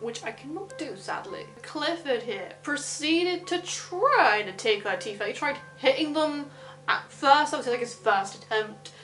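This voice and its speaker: A woman's voice: fairly high pitch, a bit bright, poor audio. A woman with a London accent casually recounting a true crime case, breaking into blunt, indignant asides.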